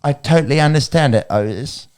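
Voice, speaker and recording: An Australian man putting on a famous actress's voice, speaking slowly in a soothing, motherly way. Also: on the high side, darkish tone, smooth, close to an everyday voice.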